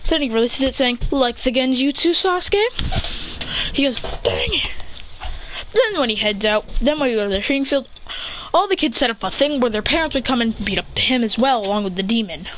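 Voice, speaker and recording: A woman telling an improvised fan story in a rambling, excitable way, full of restarts and mouth sound effects. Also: a little high, fast. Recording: dull lo-fi with faint hiss.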